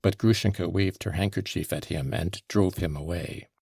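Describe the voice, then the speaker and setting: A man narrating a classic novel as an audiobook, in a measured, even storytelling manner. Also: low voice, vocal fry, breathy edge, dry recording, clean studio sound. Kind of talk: scripted narration.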